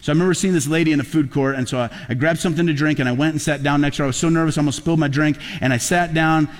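Animated preacher man in a reverberant hall. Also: fairly high pitch, rapid-fire. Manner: animated storytelling preacher, rising to emphatic peaks. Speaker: pastor. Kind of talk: sermon.

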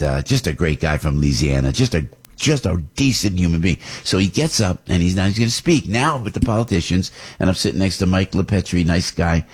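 A middle-aged man hosting a radio talk show, rambling excitedly and repeating his words as he tells a story. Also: low-pitched, slightly rough. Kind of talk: casual on-air storytelling.

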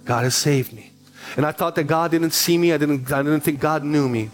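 A man in his forties preaching a sermon as pastor, telling a personal story with quick asides and repeated phrases. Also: fairly high pitch, steady tone, soft background music.

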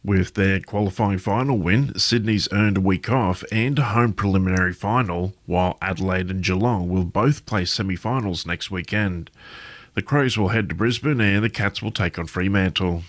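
A man reading a radio news bulletin in a steady, measured delivery. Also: low-pitched, no echo. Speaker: newsreader.

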